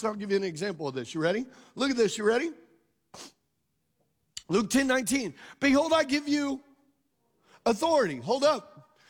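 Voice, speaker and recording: A pastor with an unusually high voice for a man, a bit bright, preaches in a conversational style, mixing scripture reading with jokes and stories. He repeatedly invites call-and-response, asking the congregation to answer aloud, while his words trail off into a long hall reverb.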